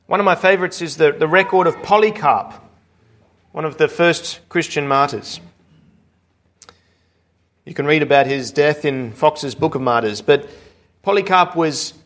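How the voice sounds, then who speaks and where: A man's voice: on the high side, fairly bright tone. A man preaching a sermon, earnestly retelling scripture and a martyr's story. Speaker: pastor.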